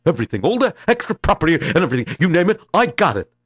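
A man's voice: fairly high pitch, sing-song, very fast, no echo, studio quality. A man voicing a stammering younger brother who inherited all his father's wealth. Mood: boastful. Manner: stammering, repeats words.

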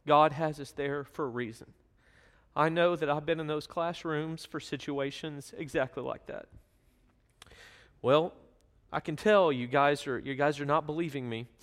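Earnest male preacher in a reverberant hall. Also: on the high side. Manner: earnest storytelling, reading scripture aloud. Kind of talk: sermon.

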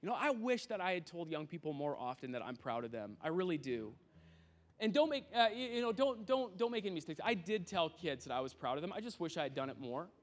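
A man's voice: fairly high pitch, big pitch swings, quick pace. A youth pastor in his thirties giving a sermon in a tent, talking in an earnest, conversational way with frequent restarts and asides. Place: large tent used as an auditorium.

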